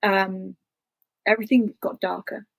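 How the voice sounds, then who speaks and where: A woman's voice: medium pitch, flat delivery, measured pace, gravelly, a bit bright, no room sound. A woman, an interview guest telling a personal story in an intense, confessional way with many fillers.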